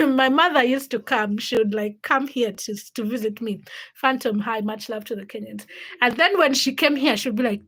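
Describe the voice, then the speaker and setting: Young female streamer, slightly high voice, chatty and giggly, casual live-chat delivery. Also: moderate pace, a bit bright, slightly rough, poor audio. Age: young adult. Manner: chatty, laughs often, greets commenters by name. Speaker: livestream host.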